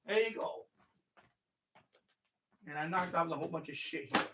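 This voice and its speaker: A man's voice: fairly high pitch, moderate pace, vocal fry, pauses often, very noisy. A man hosting an unscripted live stream from his home radio room, rambling, swearing a lot and sounding irritable as he shows his radios.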